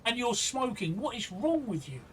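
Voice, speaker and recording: A man hosts a live stream in a casual chat, speaking earnestly and indignantly and repeating himself often. His voice is extremely high and sing-song at a moderate pace, with crowd noise behind him. He sits far from the mic, and faint noise is audible.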